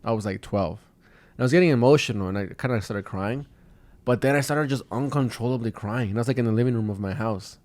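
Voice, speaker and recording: A man's voice: mid-range voice, quick pace, darkish tone, dry recording. A man in his twenties, co-hosting a podcast as a rambling storyteller full of fillers and swearing. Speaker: podcast co-host. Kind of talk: casual chat.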